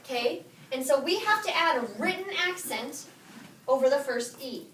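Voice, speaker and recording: A woman teaching a high school Spanish class, quizzing her students and repeating their answers back to them. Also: lively intonation, moderate pace, slight background noise. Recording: echoey classroom from far off.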